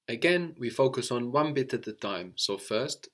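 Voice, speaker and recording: A man's voice: mid-range voice, expressive, moderate pace, few pauses, a bit bright. Guy teaching a language class, patient, goes step by step, keeps asking "no?". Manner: patient, explains step by step, often ends with "no?". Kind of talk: guided language lesson.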